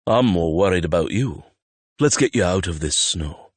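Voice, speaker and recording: A man voicing a calm older man who speaks in a low, reassuring rumble. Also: moderate pace, no echo.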